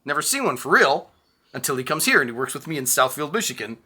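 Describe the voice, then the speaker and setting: A man co-hosts a casual podcast, telling a story with lively energy and frequent swearing. His voice is sharp and very bright. It sits somewhat high for a man. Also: fast, slightly rough. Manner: animated storyteller, swears freely. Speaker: podcast co-host.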